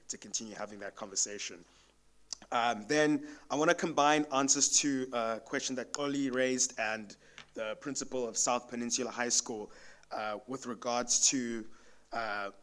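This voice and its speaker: A conference panelist from South Africa, a man with a bright, forward tone. He talks in a thoughtful, conversational way, restarting phrases as he works through his ideas. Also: medium pitch. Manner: thoughtful, self-correcting, conversational. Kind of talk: academic panel response. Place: conference venue.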